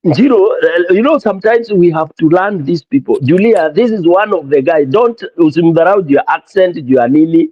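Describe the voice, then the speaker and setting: A man with a Kenyan accent hosting a casual call-in talk show, animated and mixing English with Swahili. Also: on the high side, moderate pace, hardly any pauses, husky, dry recording, highs cut off. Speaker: host of a call-in political show. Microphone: streaming mic.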